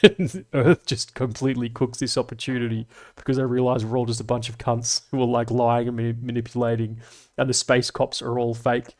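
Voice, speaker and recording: A man's voice: mid-range voice, little pitch movement, brisk. Male streamer, casual rambling chat, cheerfully sweary, frequent laughs. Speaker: livestream host. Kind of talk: casual livestream chat reading comments.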